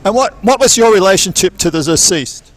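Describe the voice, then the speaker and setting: Teasing high-voiced male interviewer. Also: expressive, a little fast. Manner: teasing, theatrical. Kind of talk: playful mock interrogation.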